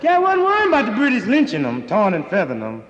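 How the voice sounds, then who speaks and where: A man performing a stand-up comedy monologue, talking in animated, profane street slang on a live stage. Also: sits high, fast, slight background noise. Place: live stage before an audience. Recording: dull lo-fi live recording in a reverberant hall.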